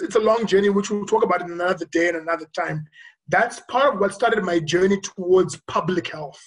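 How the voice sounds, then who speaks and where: A physician giving a virtual conference talk, recounting a personal story in a reflective, earnest way with frequent pauses. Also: medium pitch, poor audio. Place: remote recording for a virtual conference.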